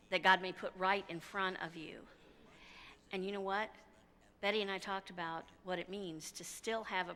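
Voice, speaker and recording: A woman pastor preaches with a bright, forceful voice that rings through a church sanctuary with a long reverb. She tells her story in a lively, conversational way, moving easily between narration and quoted speech. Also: lowish voice. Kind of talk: sermon.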